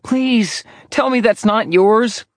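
A man's voice: high voice, slow pace, no room sound, studio quality, pitched above the performer's own voice. A man voicing an earnest, loving young woman who speaks in a pleading tone.

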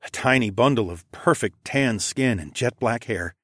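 A man narrating a fantasy novel in the first person, in a measured, steady storytelling manner. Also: mid-range voice, dry recording, studio quality. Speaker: audiobook narrator.

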